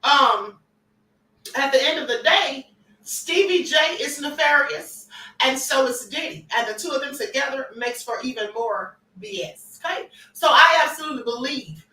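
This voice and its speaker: A woman's voice: high-pitched, normal speed, bright, forceful tone, reverberant, recorded from a distance, poor audio. A woman hosting a livestream, giving emphatic celebrity gossip commentary and repeating her points for effect. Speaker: livestream host.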